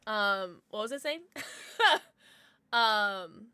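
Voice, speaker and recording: A woman's voice: medium pitch, extremely slow, pushed and bright, clear, resonant tone, no echo, studio quality. A young woman livestreamer chatting casually with her viewers, giggly and rambling, with lots of restarts and fillers.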